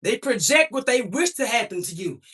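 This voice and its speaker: A woman's voice: fairly high pitch, big pitch swings, normal speed, a bit bright, distant mic. A young adult woman livestreaming to her chat, talking back at trolls in a profane, emphatic and confrontational way. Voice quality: profane, defiant.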